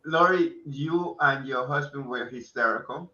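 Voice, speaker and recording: A man's voice: mid-range voice, a little slow, sharp tone. A man hosting a talk show, chatting casually with guests and rambling with frequent restarts. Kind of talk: casual interview chat. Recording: echoey dull lo-fi room sound.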